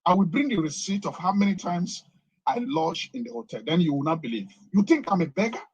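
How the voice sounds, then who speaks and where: A man's voice: high voice, lively intonation, a little fast, slightly rough, lo-fi sound. A man with a Nigerian English accent, a pastor ranting indignantly and repeating himself in a preaching tone. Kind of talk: angry rant played on a talk show.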